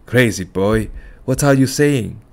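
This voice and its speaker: A man's voice: medium pitch, a little slow, gravelly, voice pushed up. A man doing a scolding older mother. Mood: insistent. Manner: scolding, insistent. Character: older widowed mother, stubborn and fretful.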